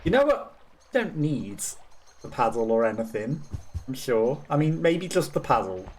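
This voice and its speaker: With a faint hiss or hum behind him, a young man from the West Midlands, Black Country accent and all, gives casual commentary while streaming a game. His medium-pitched voice is a little slow and mellow, with big pitch swings. He's chatty and self-mocking, laughing often.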